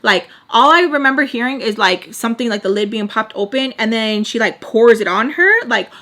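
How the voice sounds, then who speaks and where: Young woman, twenties, casual storytelling, high-ish voice, filler-heavy chat. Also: animated, moderate pace, pushed and bright. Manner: chatty, peppered with "like", acts out quotes. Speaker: storytime vlogger.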